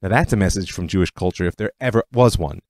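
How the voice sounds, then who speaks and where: A man's voice: sits low, fast talker, no room sound. A man hosting a podcast, narrating history in a scripted, storytelling way. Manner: storytelling, lively delivery. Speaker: podcast host.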